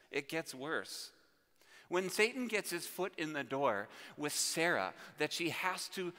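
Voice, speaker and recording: A man's voice: medium pitch, bright, forceful tone, in a large hall. A male pastor preaching a sermon with emphasis and vivid everyday analogies, recorded in a church sanctuary.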